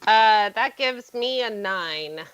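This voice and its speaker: A woman's voice: mid-range voice, lively intonation, takes it slowly, fairly bright tone, dull audio. A woman playing a tabletop role-playing game, talking in a breezy, offhand way. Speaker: player. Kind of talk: casual tabletop play.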